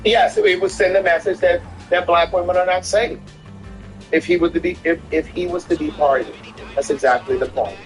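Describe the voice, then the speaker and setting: Man, high voice, opinionated casual chatter, repeats himself for emphasis, faint music behind. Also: steady tone, normal speed, rough recording. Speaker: streamer co-host. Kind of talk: casual chat while gaming.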